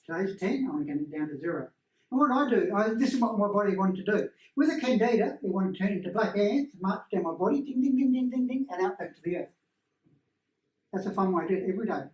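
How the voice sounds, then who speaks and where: Man, animated storyteller, roomy room, distant mic. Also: high voice, fast talker, dull audio. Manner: animated storyteller who acts out voices. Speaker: energy healing workshop presenter. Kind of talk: casual teaching talk to a small group.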